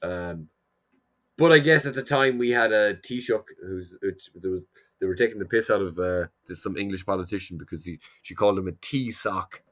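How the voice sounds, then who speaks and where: A man's voice: low voice, moderate pace, fairly bright tone. Rambling Irish man with a Mayo accent. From Ireland. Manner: rambling, meandering storyteller. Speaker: podcast co-host. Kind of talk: casual chat.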